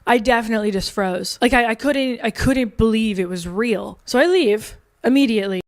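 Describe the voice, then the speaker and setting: A woman's voice: on the high side, moderate pace. A woman telling a frightening personal story with an intense, snarky edge. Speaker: guest recounting a story. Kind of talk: candid storytelling.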